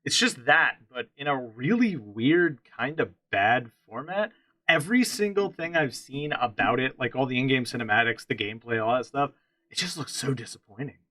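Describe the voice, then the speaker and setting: Bright-voiced opinionated podcast man. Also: mid-range voice, lively intonation, normal speed, no echo, rough recording. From central Pennsylvania. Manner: opinionated, rambling with restarts. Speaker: podcast co-host. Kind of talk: casual chat about games.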